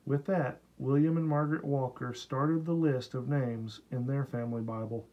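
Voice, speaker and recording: A man reading a historical novel aloud as an audiobook, in steady, unhurried storytelling. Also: medium pitch, lo-fi sound. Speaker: audiobook reader. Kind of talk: scripted narration.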